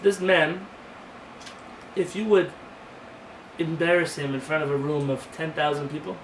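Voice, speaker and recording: A male rabbi giving a sermon-style lecture, telling stories with animated acted dialogue and reading Hebrew quickly before translating it. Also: fairly high pitch. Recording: roomy sound from a distant mic, faint noise.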